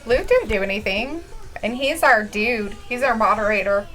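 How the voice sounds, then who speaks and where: A woman's voice: fairly high pitch, animated, moderate pace, a bit bright, a little hiss or hum, rough recording. A woman co-hosting a casual live stream, giggling often and reading out chat messages. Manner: giggly, reads chat aloud.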